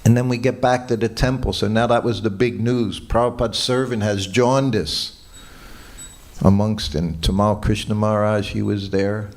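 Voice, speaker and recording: A man's voice: fairly low pitch, steady tone, moderate pace. An older man giving a morning class at a temple, telling personal stories in a reminiscing, chuckling way. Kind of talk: anecdotal temple lecture. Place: temple hall.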